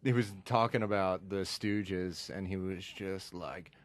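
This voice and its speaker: A man co-hosting a casual podcast, telling loose stories and breaking into loud mocking impressions. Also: low voice, fairly even intonation, a little slow. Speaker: podcast co-host. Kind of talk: casual chat.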